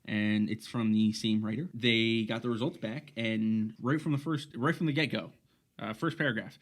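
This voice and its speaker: A man's voice: lowish voice, fairly even intonation, moderate pace. A man co-hosting a casual podcast, rambling through his points with many restarts and fillers. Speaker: podcast co-host.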